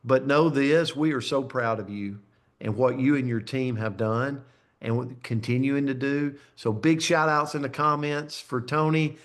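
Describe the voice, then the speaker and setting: Leading a company video call, a network marketing leader effusively congratulates a team member and pumps up the audience with enthusiastic hype. His mid-range voice holds a steady tone and moves a little slowly.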